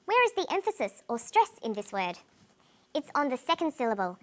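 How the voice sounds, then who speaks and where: A woman presenting an English lesson in clear, deliberate scripted narration, slowing down on example words. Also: a little high, very animated, sharp tone.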